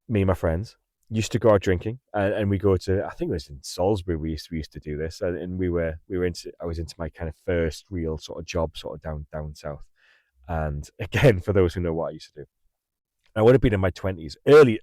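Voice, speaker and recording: A man's voice: low voice, darkish tone, no echo. A middle-aged man in a parked car, telling a rambling story on his livestream, laughing and repeating himself often. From England. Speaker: livestream host. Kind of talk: casual storytelling chat. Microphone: mic in the car.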